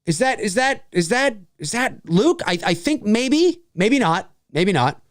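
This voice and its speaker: A man's voice: high voice, big pitch swings, a little slow, no room sound, clean studio sound. A man from Canada hosting a casual live-stream Q&A, rambling, repeating phrases and reading out viewers' comments.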